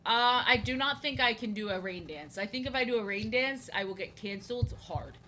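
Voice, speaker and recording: Bright-voiced woman yapping on her drawing stream, repeats herself a lot, jokes at her own expense. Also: fairly high pitch, fairly quick, slight background noise, low-quality recording. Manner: rambling, self-mocking, repeats herself. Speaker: art streamer. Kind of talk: casual live-stream chat while drawing.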